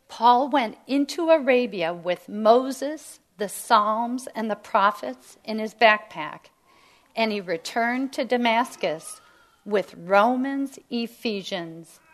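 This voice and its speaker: A woman teaching a Bible study to women, emphatic and sometimes dropping to a near whisper. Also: mid-range voice. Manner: slow, emphatic, drops to near whisper at key lines.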